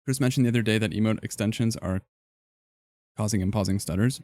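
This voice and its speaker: A man's voice: on the low side, fast talker, a little mellow, dry recording, studio quality. A young man streaming live, chatting casually and joking as he reacts to his chat in a rambling way.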